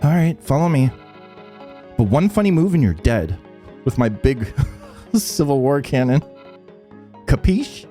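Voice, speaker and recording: A man's voice: medium pitch, big pitch swings, measured pace, pauses often, dark tone, soft background music, voice pushed up. A man voicing a hot-tempered young gunslinger girl who talks in a brash, snappy, cursing way. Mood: gruff.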